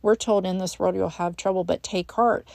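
Earnest woman doing a faith podcast, kinda gravelly, dry close sound, lots of restarts. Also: lowish voice, fairly even intonation, normal speed, a little mellow, dry recording. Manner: earnest, encouraging, addresses listener as friend; frequent restarts and fillers. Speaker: podcast host. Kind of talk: devotional podcast talk.

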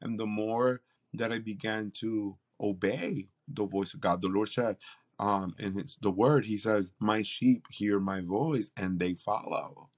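A man's voice: fairly low pitch, fairly even intonation, a little slow. A man, a campus pastor, telling a faith story in an interview with an earnest, preacherly delivery. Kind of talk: interview testimony.

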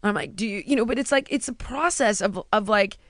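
A woman in casual chat, telling stories in an animated way and acting out what people said. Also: mid-range voice, brisk, no room sound, clean studio sound. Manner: animated storytelling, acting out quotes.

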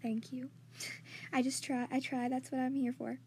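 Chatty high-voiced young woman podcaster. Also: level tone, unhurried. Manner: chatty, self-deprecating, drifts into soft whispers. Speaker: podcast host. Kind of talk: casual reading of listener comments. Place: home room with vacuum running nearby. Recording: faint household background noise. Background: faint vacuum noise.

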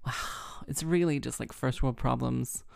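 A woman hosting a casual solo podcast, chatty and self-mocking, rambling with lots of fillers and a heavy vocal fry. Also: very deep voice, measured pace, a little mellow, no room sound, studio quality. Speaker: harpist and podcast host.

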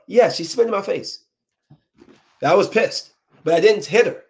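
Slangy, animated man ranting. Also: fairly high pitch. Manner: animated, preachy, slangy, acts out quick voices. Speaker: vlogger giving dating advice. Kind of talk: casual rant to camera.

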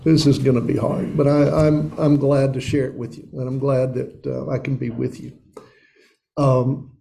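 A man's voice: medium pitch, flat delivery, normal speed, gravelly, warm tone. A man, a pastor opening his sermon in a folksy, conversational way. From Upper East Tennessee. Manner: folksy and conversational, addresses listeners as guys and dude.

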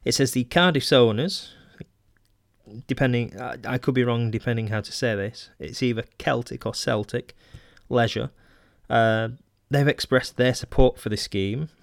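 A man's voice: medium pitch, moderate pace, creaky, no room sound. Dry-voiced Mancunian man musing aloud. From Manchester, England. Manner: hesitant, many ums and restarts, wry asides. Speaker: podcast host. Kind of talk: casual solo podcast reading old magazine articles aloud.

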